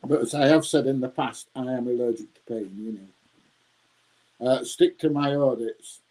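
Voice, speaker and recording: A man's voice: mid-range voice, unhurried, mellow, poor audio. A man, rambling casually as he answers his viewers' live chat and calling them mate. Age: 60s. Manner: rambling, chatty, laughs often, says mate.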